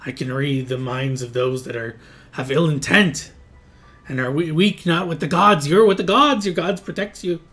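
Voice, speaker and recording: A man voicing a manic male goblin prisoner who pleads frantically in a shrill, high voice. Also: moderate pace, fairly bright tone, faint music behind, lightly acted. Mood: fervent.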